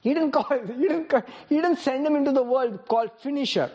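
A woman's voice: sits high, a little fast, mellow. A woman preaching a sermon, firing rhetorical questions at the congregation, calling on people by name and laughing often between points.

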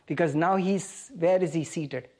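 A woman's voice: on the low side, unhurried, mellow. A woman preaching a sermon, reading scripture aloud and asking the congregation questions.

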